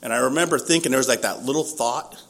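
Talking at a quick pace with vocal fry, this man has a mid-range voice that's a bit bright. He's from East County, San Diego, in his fifties, and recounts his own experiences casually, laughing often and making fun of himself.

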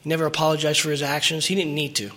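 A man's voice: a little high, flat delivery, racing, pushed and bright. A middle-aged man telling his personal recovery story at a meeting, earnest and emotional, rambling with restarts.

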